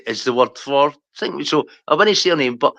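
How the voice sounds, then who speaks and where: A man's voice: mid-range voice, animated, moderate pace, fairly bright tone, no echo, muffled recording. A Scottish man chatting casually on a stream, rambling and swearing as he goes off on tangents. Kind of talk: casual chat.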